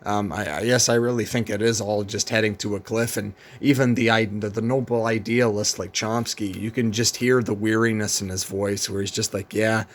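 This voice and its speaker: A man's voice: fairly low pitch, fairly even intonation, moderate pace, hardly any pauses. A man vlogging in a rambling, casual monologue, weary and profane, with many fillers and restarts.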